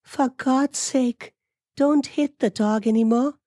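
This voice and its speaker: A distressed young wife pleads in a strained, very high voice, as a male narrator puts her on. Her words come slowly and carefully, and the sound is dry and close with no room around it. It plays like a storytelling podcast. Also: mellow, no echo. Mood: anxious.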